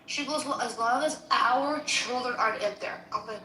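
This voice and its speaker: A woman in casual, heated conversation, animated and indignant, acting out both sides of a quarrel she is retelling. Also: fairly high pitch, normal speed. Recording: echoey room with faint noise.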